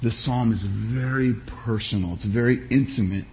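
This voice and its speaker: A pastor giving a sermon, preaching in a measured, emphatic way with deliberate pauses. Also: male voice, medium pitch, a little mellow, a little hiss or hum.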